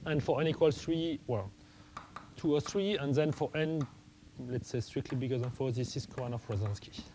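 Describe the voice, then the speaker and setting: Guy lecturing math, stops and restarts a lot, soft mellow tone, faint hiss behind. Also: medium pitch, low-quality recording. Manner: halting, many restarts and fillers, thinking aloud.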